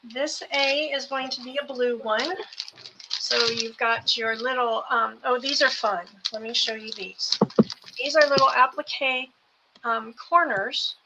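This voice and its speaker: A woman hosting a live selling show, going through each craft kit item by item in an unhurried way. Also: fairly high pitch, steady tone. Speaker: host selling craft kits. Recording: background noise with clicks.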